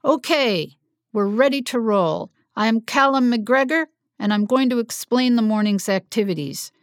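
A woman voicing a brisk, cheerful male doctor with a heavy Scottish accent, upbeat and teasing. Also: fairly high pitch, dry recording, studio quality, natural voice. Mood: jovial.

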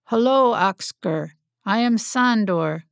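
Lady reading a friendly guy speaking slow and careful in plain words, dry sound. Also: mid-range voice, expressive, dry recording, lightly acted. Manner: slow, careful, simple phrasing. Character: friendly Hungarian man speaking through a translator.

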